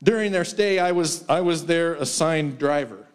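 A man's voice: on the high side, normal speed, clear, resonant tone. Storytelling male guest preacher. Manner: storytelling, laughs often, acts out quoted voices. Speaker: guest speaker. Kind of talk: sermon with personal stories. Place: church sanctuary.

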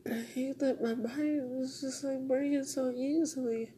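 A woman's voice: sits high, fairly even intonation, a little slow, warm tone, slight background noise. A young woman podcaster venting in a raw, rambling monologue, swearing and tearful.

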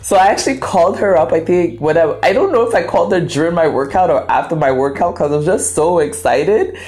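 A woman's voice: fairly low pitch, fast. A woman from Ghana whose first language is Twi, hosting a podcast and telling a story in a casual, dramatic, playful way. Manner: animated, dramatic, playful, acts out quoted voices. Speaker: podcast host.

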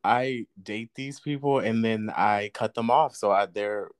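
A man's voice: on the low side, unhurried, clean tone. A man co-hosting a casual podcast, laid-back, laughing along with and echoing his co-host. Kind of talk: casual chat.

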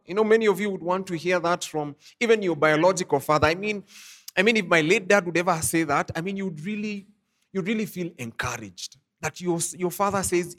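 A man preaching an online sermon, who reads scripture aloud slowly and talks to his listeners in a loose, conversational way full of "you know" and "I mean". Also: sits high, lively intonation, fairly bright tone. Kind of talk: online sermon, Bible teaching.

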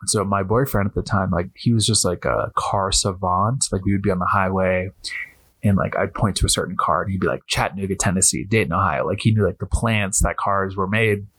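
A man hosting a podcast, telling a story in an animated way, acting out what people said and filling his talk with "like". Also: sits low, a little fast, husky, dry recording. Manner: animated, acts out quotes, heavy use of "like". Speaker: podcast host. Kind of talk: storytelling monologue.

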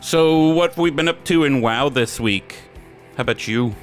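A man's voice: mid-range voice, moderate pace, faint music behind. A man from Wisconsin co-hosting a podcast and telling crude gaming jokes, now and then putting on silly voices. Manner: crude joke-teller, slips into silly character voices. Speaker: podcast co-host. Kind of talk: casual joke-telling chat.

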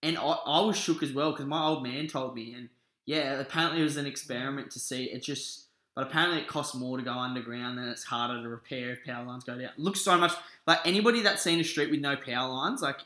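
Talking fast in a bright, forceful, medium-pitched voice, this young Australian podcast co-host keeps the chat casual, rambling and swearing in a laid-back way. He and his co-host share one mic in a living-room lounge, so the recording has a roomy echo.

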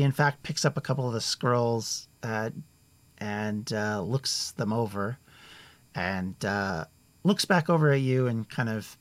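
A man narrating as game master in a tabletop game, relaxed with frequent fillers. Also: fairly low pitch, no room sound.

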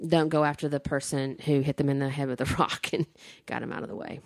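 A woman's voice: medium pitch, animated, fast talker, gravelly, hardly any pauses, no echo, clean studio sound. A woman co-hosting a casual chat show, talking loosely with frequent fillers and laughs. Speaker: podcast co-host.

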